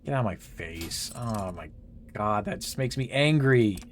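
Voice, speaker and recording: A man's voice: on the low side, animated, unhurried, a little hiss or hum. A man giving casual, exasperated commentary while playing a game, swearing and laughing as he rants. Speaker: gaming channel host.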